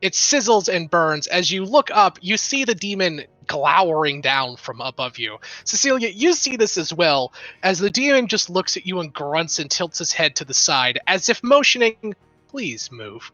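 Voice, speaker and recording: Lively game master narrating gore. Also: medium pitch, normal speed, hardly any pauses, dry recording, faint music behind, poor audio. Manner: vivid, profane narration with laughs.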